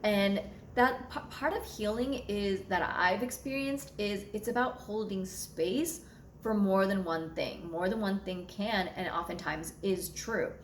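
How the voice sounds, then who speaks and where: A woman's voice: mid-range voice, unhurried, echoey room, a little hiss or hum. A young adult woman astrologer telling a personal story to her viewers in a candid, blunt way, swearing freely. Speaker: astrologer and channel host.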